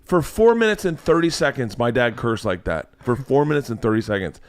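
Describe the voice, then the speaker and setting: A comedian in his forties telling a rambling story in a casual, excitable, profane way. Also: on the high side, normal speed, over music.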